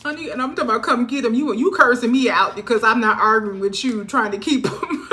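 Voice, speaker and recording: High, bright-voiced woman tarot reader. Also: a little fast. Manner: animated, laughing asides, swings between muttering and exclaiming. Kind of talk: casual spiritual reading monologue.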